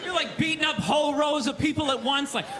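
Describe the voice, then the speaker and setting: Ranting stand-up comedian, very high voice. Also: male voice, brisk. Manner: loud, ranting, shouting punchlines and acting out characters. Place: theater stage before a live audience. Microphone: handheld stage mic. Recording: live stage recording with crowd laughter and noise.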